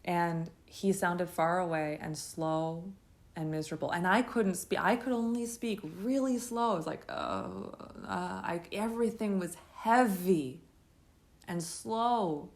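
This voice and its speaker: A woman telling her own story in a halting, intense first-person monologue. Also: lowish voice, darkish tone.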